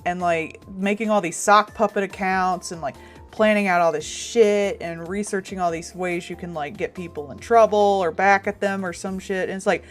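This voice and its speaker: A woman's voice: mid-range voice, steady tone, normal speed, soft background music. A young woman artist chatting casually on a stream, rambling with lots of fillers, swearing freely and laughing often.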